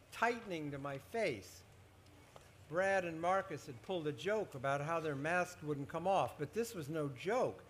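A man, a children's author, reading his own horror story aloud at a book festival, expressive and building suspense. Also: a little high, a little hiss or hum.

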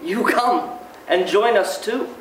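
Guy reading a soft old monk elder, super slow and loving, echoey far-off sound. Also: high-pitched, a little hiss or hum, voice pushed up. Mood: tender. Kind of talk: dramatic reading. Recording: echoey room, mic far off.

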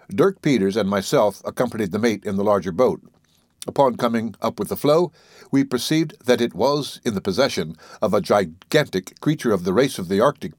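A man giving a steady, measured scripted narration of a classic novel as an audiobook reader. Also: on the low side, no echo, clean studio sound.

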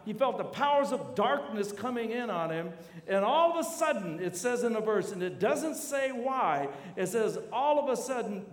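Animated high-voiced preacher in a hall. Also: male voice. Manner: animated storytelling, acting out voices. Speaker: university chaplain. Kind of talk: sermon. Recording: echoey hall.

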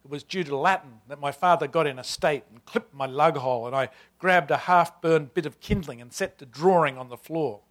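A man in his sixties with an Australian accent reading aloud from a novel as a wry, proud older male servant narrating his life, in a lively, emphatic telling. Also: on the high side, a little fast, few pauses, close to an everyday voice. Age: 60s.

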